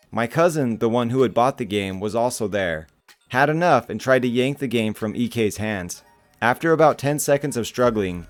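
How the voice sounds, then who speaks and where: A man narrating internet stories in a casual, wry tone, as the channel's regular narrator. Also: lowish voice.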